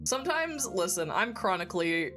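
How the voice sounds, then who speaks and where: A woman's voice: lowish voice, big pitch swings, normal speed, fairly bright tone. A woman streamer chatting casually while playing a game, giggling often and swearing freely, her throat phlegmy and congested. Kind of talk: casual chat while gaming. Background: game music.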